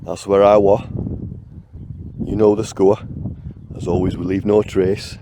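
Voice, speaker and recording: A man with a hoarse morning croak, chatting casually to camera outdoors while hiking. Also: low voice, unhurried, noisy background. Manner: chatty, relaxed, talks to camera. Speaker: vlogger. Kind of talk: casual outdoor vlog narration. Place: outdoors on open moorland.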